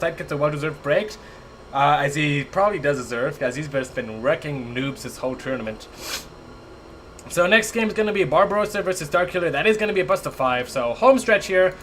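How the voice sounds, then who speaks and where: Young male caster, bright and punchy, excitable, laughs often, home setup with faint hiss. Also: on the high side. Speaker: esports caster. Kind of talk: live game commentary with chat banter. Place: home attic.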